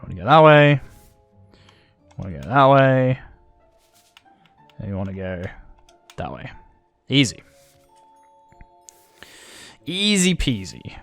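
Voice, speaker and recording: A gravelly-voiced Australian man talks through a video game in a casual, self-deprecating way, thinking aloud as he goes. His pitch jumps around a lot. The sound is close and dry, with faint game music underneath. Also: dry recording. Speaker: gaming channel host. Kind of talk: let's-play commentary.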